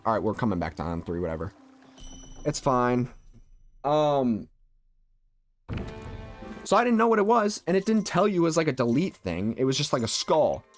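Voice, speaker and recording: Young man streaming, rambling story. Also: mid-range voice. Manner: rambling, lots of "like" fillers. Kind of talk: casual storytelling while gaming.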